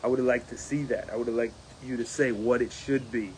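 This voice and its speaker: A man who is a union steward, giving a casual spoken report, animated and laughing often, mimicking others in a raised voice. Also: medium pitch, quick pace, slight background noise.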